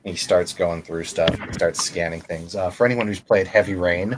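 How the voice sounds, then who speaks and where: Deep-voiced man running a tabletop game. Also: steady tone, moderate pace, background noise. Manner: loose, rambling narration with fillers. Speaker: game master.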